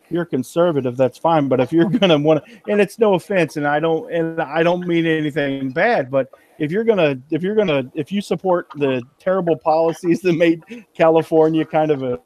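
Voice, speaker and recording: A man's voice: on the high side, a little fast, a little mellow. A man chatting casually with friends, opinionated and often restarting his phrases. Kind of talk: casual chat.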